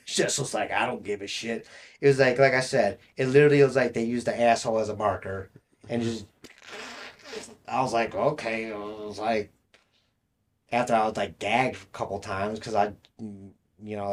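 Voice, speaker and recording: Rambling, laughing podcast co-host man. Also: fairly low pitch. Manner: rambling storyteller, laughs mid-sentence. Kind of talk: casual chat.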